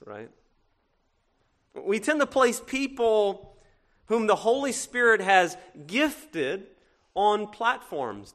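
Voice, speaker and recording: In a church, a high-voiced pastor whose accent mixes Cajun and northern speech preaches a sermon to the congregation. He poses rhetorical questions, sometimes loud and sometimes hushed.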